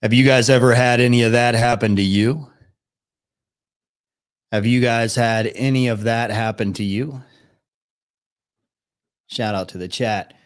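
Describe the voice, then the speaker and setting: A man streams live, reacting to videos and bantering with chat bluntly and sarcastically, with casual profanity. He speaks a little slowly at medium pitch, with fairly even intonation and long pauses.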